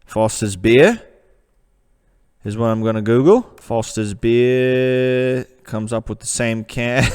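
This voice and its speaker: A man's voice: lowish voice, slow pace, darkish tone, smooth. An American man hosting a comedic vlog, mock serious and rambling with fillers. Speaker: vlogger.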